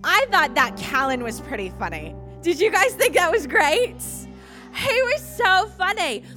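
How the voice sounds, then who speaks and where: A woman giving a children's sermon to a live audience, lively and full of questions at first, then soft and earnest. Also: very high-pitched, a little slow, faint music behind. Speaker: children's ministry speaker.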